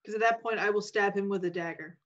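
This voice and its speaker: A woman player in a tabletop game, agreeing quickly and cheerfully. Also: medium pitch. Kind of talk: casual tabletop game play. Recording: dull lo-fi mic.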